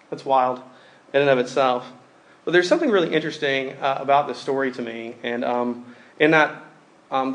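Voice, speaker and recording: A young man preaching a conversational sermon, reading scripture aloud and telling stories with casual fillers. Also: mid-range voice. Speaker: pastor.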